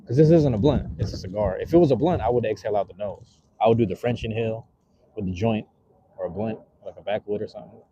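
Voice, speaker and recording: A man with a fairly low voice talks fast over a noisy background, and the audio sounds dull. He's hosting a casual livestream, smoking a cigar while he chats loosely and reads viewers' messages aloud in a laid-back, rambling, slang-heavy way.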